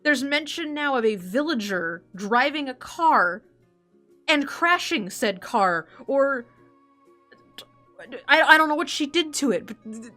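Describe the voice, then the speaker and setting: A woman's voice: high voice, expressive, a little slow, bright, forceful tone, faint music behind. A woman chatting casually while she draws, rambling and giggling, with lots of filler words. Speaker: artist chatting while drawing. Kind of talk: casual chat.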